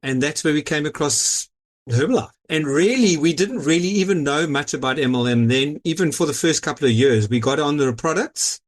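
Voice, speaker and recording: A man's voice: fairly high pitch, expressive, moderate pace. A middle-aged man with a South African accent, a guest in an interview, telling his story in an easygoing way with frequent "you know"s. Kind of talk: casual interview over a call.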